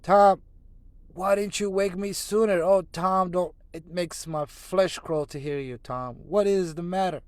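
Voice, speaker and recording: A man's voice: a little high, measured pace, no echo, pitched above the performer's own voice, close to an everyday voice. A man reading a storybook, voicing an alarmed young boy who pleads with his brother in a raised voice.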